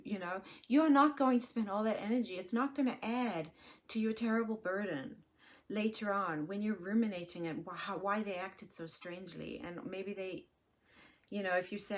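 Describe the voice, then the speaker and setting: An expressive woman in her forties talks through a solo podcast episode. Her delivery is frank and reassuring, she slips into little acted-out voices of herself and others, and she drops to soft near-whispers at times. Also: medium pitch, moderate pace. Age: 40s. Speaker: podcast host and life coach. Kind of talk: casual solo podcast talk.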